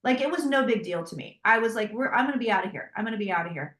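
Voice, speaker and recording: High-voiced woman telling a story. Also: rapid-fire. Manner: animated, quotes herself in dialogue. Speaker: guest, psychic tarot reader. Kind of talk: storytelling in a casual interview. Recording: roomy echo.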